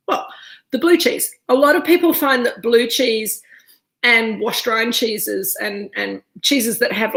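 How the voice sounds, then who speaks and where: A woman's voice: fairly high pitch, creaky, a bit bright. A woman leading a casual live wine tasting class, chatting freely while chewing cheese. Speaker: winemaker leading a virtual tasting.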